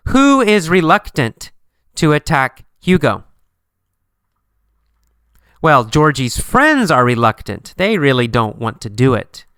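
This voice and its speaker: A man teaching an English lesson, asking simple questions and answering them himself, slowly and with a lot of repetition. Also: a little high, very animated, a bit bright, smooth, dry recording, clean studio sound.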